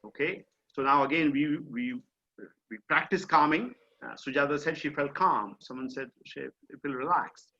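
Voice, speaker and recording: A man's voice: fairly high pitch, normal speed, sharp tone. A middle-aged man with an Indian accent, teaching an online mindfulness session in a conversational, explanatory way with frequent fillers. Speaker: mindfulness coach. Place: home or office on a video call. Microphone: video call. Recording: dull lo-fi video call audio.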